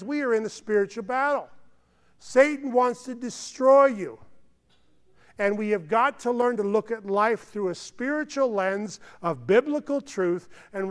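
A man's voice: sits high, fairly bright tone, clear, resonant tone. A man preaching a sermon as pastor, earnest and emphatic, often tossing in "okay" asides. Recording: long hall reverb.

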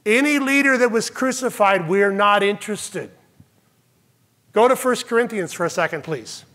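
A man's voice: sits high, animated, normal speed, a bit bright. A man preaching a sermon as pastor to his congregation, emphatic and stressing each phrase. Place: church sanctuary with congregation.

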